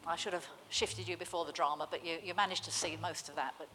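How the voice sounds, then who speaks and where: Brief: friendly woman service leader, bright, church hall reverb. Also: fairly low pitch, fairly even intonation, quick pace, a little hiss or hum.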